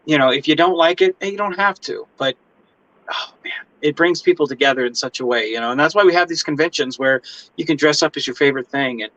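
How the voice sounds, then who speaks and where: A man hosting a casual interview chat, excitable and swearing, acting out little voices with big pitch jumps. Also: fast talker, highs cut off. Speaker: host.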